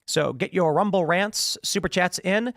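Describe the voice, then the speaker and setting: A man's voice: sits high, unhurried, creaky, no echo, studio quality. A man hosting a political commentary show, talking in a sarcastic, opinionated way and acting out the voices of the people he quotes. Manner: animated, acts out quoted voices. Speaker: show host.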